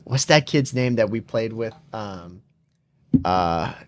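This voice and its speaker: A man in his twenties co-hosting a podcast, telling stories with animation and jumping into high voices to quote people. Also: animated, slow. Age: 20s. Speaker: podcast co-host. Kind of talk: casual chat.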